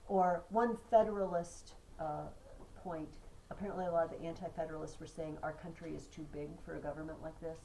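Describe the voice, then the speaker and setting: Lady teacher lecturing a class, kinda gravelly low voice, chants rhythms out loud. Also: brisk, a little hiss or hum, low-quality recording. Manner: chatty, animated, chanting rhythms.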